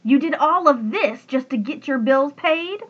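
Storybook: a woman doing a wheezy, furious tree-guardian man, high and slow, lo-fi tape. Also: lively intonation. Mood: scolding. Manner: loud, ranting. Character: gruff angry male tree guardian creature.

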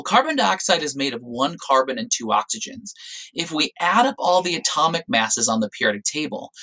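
A man's voice: a little high, a bit bright, low-quality recording. A man teaching a recorded science lesson, explaining step by step and stressing key words. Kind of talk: recorded classroom lecture.

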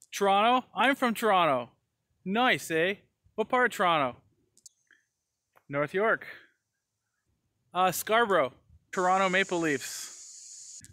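A man with a high, ringing voice runs through a comedy sketch on his own, firing short lines back and forth. He keeps tacking a friendly "eh" onto his sentences. The sound is close and dry, with no room around it. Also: lively intonation, pushed and bright, dry recording. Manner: quick back-and-forth chatter, tags lines with a drawn-out "eh". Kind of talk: comedy sketch, playing several people in turn.

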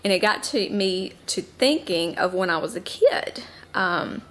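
A woman in her thirties with a Southern US accent talks casually to the camera at home. She rambles easily from one thought to the next, with plenty of ums and side remarks. Her pitch sits in a middling range. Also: lively intonation, measured pace, fairly bright tone. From Southern United States. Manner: chatty and rambling, with many ums and asides. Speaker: mom vlogger.

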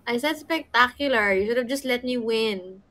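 A woman's voice: on the high side, moderate pace, pushed and bright. A woman co-hosting a livestream, playing a word-guessing game playfully and laughing often. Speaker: livestream co-host.

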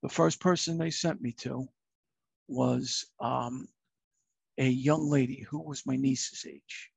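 A man's voice: mid-range voice, fairly even intonation, slow, gravelly, slightly rough, dry recording. A middle-aged man, a retired fire captain telling his own story in a candid, earnest, plain-spoken way.

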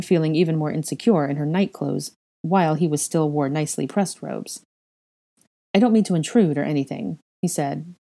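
A woman reading fan fiction aloud in a slow, measured narration. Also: low-pitched, mellow. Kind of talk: audiobook-style narration.

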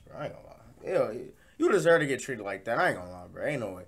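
A man hosting a reaction video, giving loud, incredulous, slang-heavy commentary and repeating "bro". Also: mid-range voice, sing-song, quick pace, few pauses, a little hiss or hum. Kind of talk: profane comic reaction commentary.

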